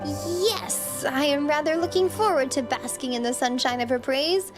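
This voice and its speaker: A boastful young nobleman knight, read aloud by a woman, pompous and formal. The voice sits high and bright. Game music plays underneath. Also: normal speed, natural voice. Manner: pompous, formal old-fashioned phrasing. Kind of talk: reading game dialogue aloud.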